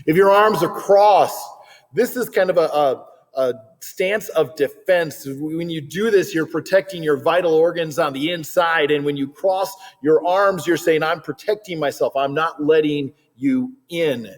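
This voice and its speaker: Animated man teaching in a reverberant hall. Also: a little high, measured pace. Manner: animated, acts out little quoted voices. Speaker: Christian teacher. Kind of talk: video lesson on body language.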